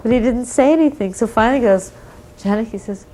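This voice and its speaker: A woman's voice: on the high side, fast talker, mellow, rough recording. A woman recalling old memories in a chatty, casual storytelling way, full of "you know" and "like".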